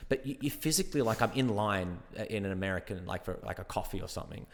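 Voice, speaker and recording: A man's voice: lowish voice, fast talker, long reverb tail. A man with an Australian accent, an actor chatting casually as a guest and acting out little exchanges as he tells stories. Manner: animated storyteller, acts out exchanges. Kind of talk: casual interview chat.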